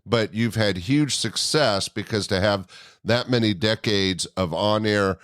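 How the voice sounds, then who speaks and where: Low smooth-voiced guy hosting an interview, dry close sound. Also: measured pace, a bit bright, no echo. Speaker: podcast host.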